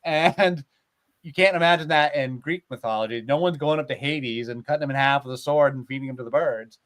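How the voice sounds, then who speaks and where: A man retelling old myths in a casual, animated way, with lots of filler words, as a podcast host. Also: medium pitch, brisk. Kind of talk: casual storytelling chat.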